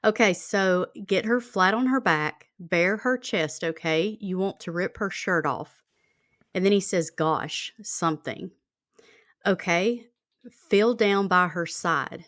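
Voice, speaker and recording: A woman's voice: mid-range voice, a little slow, a bit bright, no echo, clean studio sound. A woman hosting a true-crime podcast, reading out a call transcript in a plain conversational way with many fillers. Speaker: podcast host.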